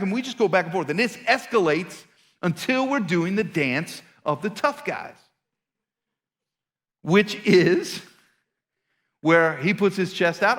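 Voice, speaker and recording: Lively, bright-voiced man preaching in a hall. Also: high voice, normal speed. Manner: playful, self-mocking storyteller who teases the audience. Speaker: pastor. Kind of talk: storytelling sermon. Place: church auditorium.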